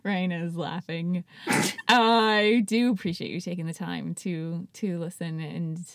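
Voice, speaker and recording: Soft-spoken giggly woman podcast host. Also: fairly low pitch, fairly even intonation, measured pace, no room sound, studio quality. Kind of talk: casual podcast sign-off chat. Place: small room at home.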